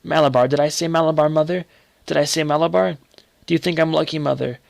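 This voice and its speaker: A man reading a story aloud and voicing a feverish, obsessed young boy who speaks in high, urgent, insistent bursts. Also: steady tone, quick pace, vocal fry, no room sound.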